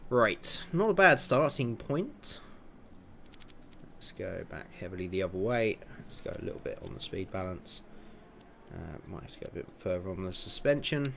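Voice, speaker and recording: A man in his twenties livestreams a racing management game, chatting casually, chuckling through asides, and muttering to himself as he tweaks car setups. His low, gravelly voice swings widely in pitch at normal speed, with a fairly bright tone and slight background noise.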